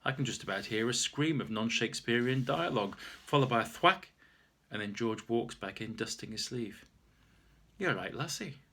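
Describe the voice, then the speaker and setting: A man's voice: medium pitch, normal speed, creaky, bright, forceful tone. A man reading his own story aloud in a wry, self-mocking way. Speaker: author reading his memoir.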